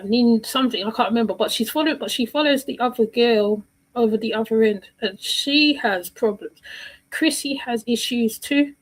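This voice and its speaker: A woman's voice: fairly high pitch, rough recording. A woman giving casual reaction commentary on a livestream, rambling and repeating herself while she searches for words.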